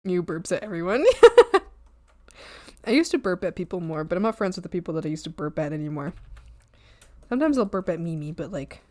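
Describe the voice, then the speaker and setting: A young woman talks to her stream chat from home, rambling through stories with plenty of ums and giggles. Her voice swings widely, leaping into high squeals when she gets excited. The sound is dry and close, with no room around it. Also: moderate pace, long pauses, no room sound. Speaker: art streamer. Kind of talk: casual chat while reading chat. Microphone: desk mic at a streaming setup.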